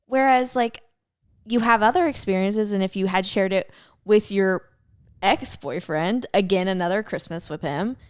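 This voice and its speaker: A woman's voice: medium pitch, moderate pace, smooth, no echo, clean studio sound. A young woman hosting a podcast, chatting casually and upbeat about dating and being single. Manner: upbeat, animated storytelling. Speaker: podcast host. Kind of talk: casual chat.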